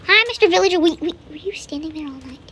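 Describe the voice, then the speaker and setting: A woman's voice: extremely high pitch, fast, noisy background. A woman chatting playfully while commenting on her gameplay, often repeating words and dropping into whispered asides. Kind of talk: casual let's-play commentary.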